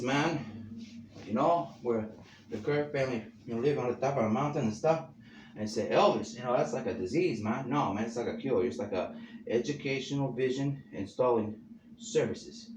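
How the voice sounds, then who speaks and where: A man hosting a rambling, casual monologue, free-associating and peppering his talk with "you know" and "man". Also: mid-range voice. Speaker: host. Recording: noisy background.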